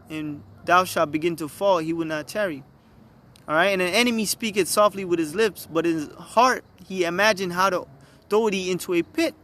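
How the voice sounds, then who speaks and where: High-voiced man preaching emphatically. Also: bright, forceful tone, a little hiss or hum. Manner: emphatic, repeatedly asks "all right?". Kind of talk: scripture reading and sermon. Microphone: phone.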